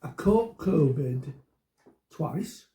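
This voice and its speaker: A man's voice: a little high, animated, very slow, mellow. A man in his seventies chatting casually at home, joking and bantering playfully. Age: 70s. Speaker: vlog co-host. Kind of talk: casual chat. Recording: echoey room.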